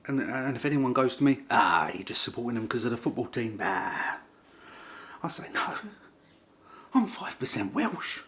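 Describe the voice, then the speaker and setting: A man's voice: mid-range voice, sing-song, moderate pace, fairly bright tone. Playful man repeating his punchlines. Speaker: vlogger sharing DNA results. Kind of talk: casual talk to camera.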